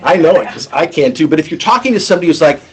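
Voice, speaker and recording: A man giving a sales training talk to his team, lively and acting out both sides of phone calls. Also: on the high side, rapid-fire, husky, low-quality recording.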